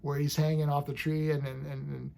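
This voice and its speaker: A man's voice: a little high, flat delivery, fairly quick, vocal fry, dark tone. A man casually reviewing a TV episode, rambling enthusiastically and acting out scenes as he goes.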